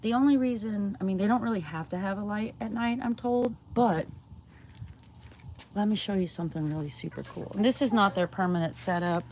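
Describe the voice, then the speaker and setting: A woman's voice: mid-range voice, a little fast, a little mellow, slight background noise. A woman chatting casually on a livestream outdoors at night, cooing to her chickens and dropping to a whisper at times. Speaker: vlogger feeding backyard chickens on a livestream. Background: crickets and insects at night.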